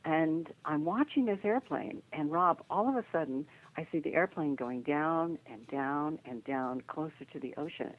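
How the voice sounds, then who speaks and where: An older woman, a guest on an interview, telling lively anecdotes and acting out the voices of the people in them. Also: low voice, moderate pace, hardly any pauses. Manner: lively storyteller who acts out the voices in her anecdotes. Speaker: guest, psychic detective. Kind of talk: animated storytelling in a phone interview. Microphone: telephone. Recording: tinny phone line.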